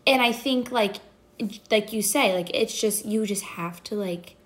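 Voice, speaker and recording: A young woman talking casually about faith and patience, animated and full of filler words. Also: mid-range voice, measured pace. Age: young adult. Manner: chatty, animated storytelling, heavy "like" fillers. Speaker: podcast guest.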